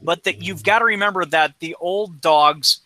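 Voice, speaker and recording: A man in his forties rants bluntly on a podcast, swearing freely. His voice is a touch high for a man and very bright and forceful. The sound is dry and close, with no room around it. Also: moderate pace, no echo, rough recording. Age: 40s. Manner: blunt, profane ranting. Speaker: podcast co-host. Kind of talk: casual chat.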